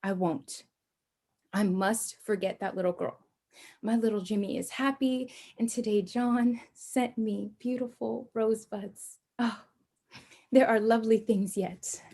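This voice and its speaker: A woman's voice: medium pitch, fairly even intonation, unhurried, vocal fry. A woman playing a tender, grieving young mother. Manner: soft, tender and aching. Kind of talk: stage play performance.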